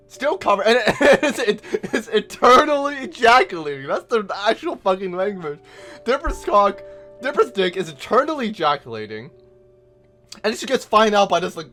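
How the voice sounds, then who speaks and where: A man ranting a profane, exasperated reaction review, swinging from shouted disbelief to low muttering. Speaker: online reviewer.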